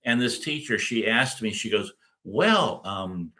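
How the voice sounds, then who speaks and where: A man's voice: mid-range voice, moderate pace, pushed and bright. A middle-aged man giving a casual recorded lecture as a course instructor, rambling with many fillers and restarts.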